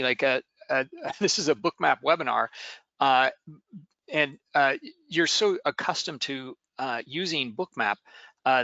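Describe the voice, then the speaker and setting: A man co-hosting a trading webinar, speaking in a halting way with lots of fillers and restarts. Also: medium pitch, sharp tone, no echo, lo-fi sound. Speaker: webinar co-host. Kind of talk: casual webinar commentary.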